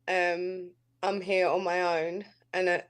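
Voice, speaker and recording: A woman's voice: on the low side, level tone, slow. A woman with a London accent sharing at an online recovery meeting, hesitant and full of fillers. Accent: London English. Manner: hesitant, many fillers, grateful. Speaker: meeting participant. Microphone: video call.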